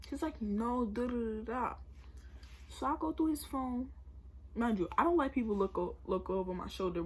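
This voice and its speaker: A young woman vlogger telling a story casually and animatedly, acting out both sides of a conversation with loud bursts. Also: a little high, breathy edge.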